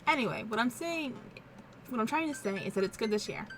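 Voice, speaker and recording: A woman's voice: a little high, lively intonation, brisk, soft background music, natural voice. A woman voicing an awkward, well-meaning dad who speaks earnestly and cracks jokes.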